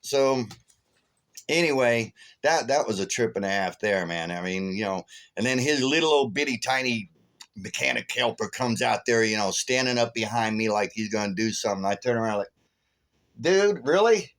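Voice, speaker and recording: A man vlogging casually, telling a rambling, profane story and flaring up loudly when he retells his anger. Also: fairly low pitch, moderate pace.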